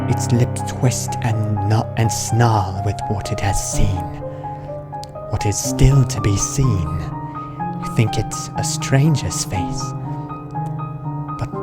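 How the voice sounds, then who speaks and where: A man voicing a mysterious fortune teller with second sight, speaking slowly in a hushed, ominous way. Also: lowish voice, pitched above the performer's own voice. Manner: slow, hushed, ominous delivery. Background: game music.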